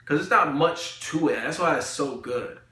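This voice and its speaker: This young man's voice is a little high, expressive, pushed and bright, moving at a normal speed. He's rambling through a casual anime review while recording a video in an echoey room, using lots of slang and fillers.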